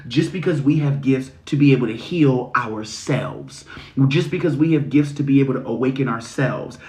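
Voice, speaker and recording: A man hosting a live stream, delivering a blunt, sweary motivational rant full of rhetorical questions, swinging into mocking high voices. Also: moderate pace, a little mellow. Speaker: spiritual reader and live-stream host. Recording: roomy echo.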